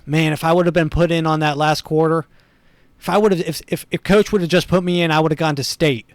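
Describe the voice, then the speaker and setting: A washed-up former high-school jock turned cop, played by a man, grumbling with whiny regret about games he never got to play. His voice sits a little above the typical male range. The recording is dry and close. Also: fairly even intonation, fast talker, no echo, natural voice.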